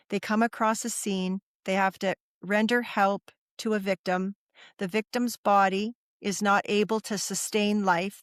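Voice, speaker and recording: Woman, middle-aged, podcast guest, earnest storytelling, repeats for emphasis, mid pitch, dry close sound. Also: fairly bright tone, no echo. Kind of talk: personal storytelling in a podcast interview.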